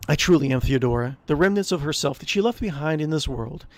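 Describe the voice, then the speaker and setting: A man's voice: on the high side, animated, fast, no echo, natural voice. A man voicing a vengeful ghostly noblewoman aunt, reading her lines with cold scorn and mockery. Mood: ominous. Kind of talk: reading game dialogue aloud.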